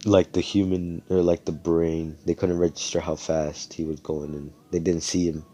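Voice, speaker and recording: A man's voice: low-pitched, little pitch movement, moderate pace, warm tone, muffled recording. A young man casually recapping a role-play session, rambling, swearing and full of fillers. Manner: rambling, profane, filler-heavy.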